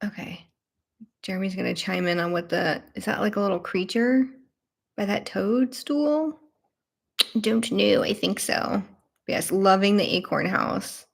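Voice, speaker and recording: A woman's voice: mid-range voice, big pitch swings, a little slow, vocal fry. Bubbly woman gushing on a live stream. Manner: bubbly, gushing over cute cards, chatting to viewers. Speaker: tarot channel host. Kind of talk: live deck flip-through chat.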